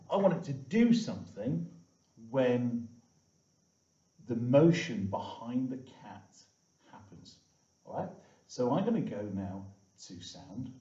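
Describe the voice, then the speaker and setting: A man's voice: mid-range voice, dark tone. A man teaching a coding tutorial to viewers in a chatty way, full of "okay" and "all right". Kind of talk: screen-recorded coding tutorial. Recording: echoey, distant, dull lo-fi room sound.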